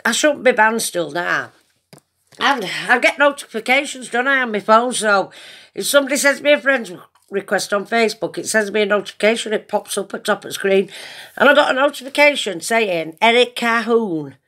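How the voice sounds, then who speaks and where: A woman's voice: a little high, animated, normal speed, fairly bright tone. A woman chatting casually to camera, giggling often, swearing freely and rambling from one thing to the next.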